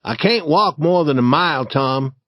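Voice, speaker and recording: A man's voice: on the high side, animated, normal speed, a bit bright, no room sound, studio quality. A man voicing a timid, superstitious young boy in an audiobook, with hesitant, nervous speech.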